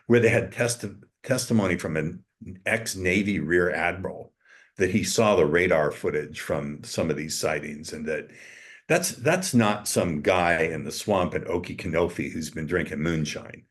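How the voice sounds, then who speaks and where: A man's voice: low voice, unhurried. An older man, an interview guest, telling a story in a blunt, emphatic way and swearing freely. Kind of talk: casual storytelling.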